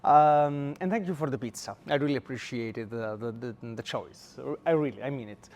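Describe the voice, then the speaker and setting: An Italian guest lecturer with an Italian accent speaks at a normal pace in a medium, slightly mellow voice in a lecture room. He gives a university lecture hesitantly, with many filler sounds, and there's slight background noise.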